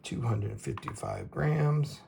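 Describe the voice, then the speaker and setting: Brief: male host, unhurried and gravelly, casual rambling product reviewer. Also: mid-range voice, huge pitch swings, warm tone, a little hiss or hum. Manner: rambling, halting, stumbles over names with laughs. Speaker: knife reviewer, show host.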